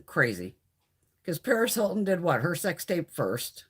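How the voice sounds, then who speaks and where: A woman's voice: lowish voice, measured pace, husky. A middle-aged woman chatting casually with viewers on a live stream, swearing freely and acting out quoted conversations. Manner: swears constantly, chatty and animated, acts out quoted exchanges.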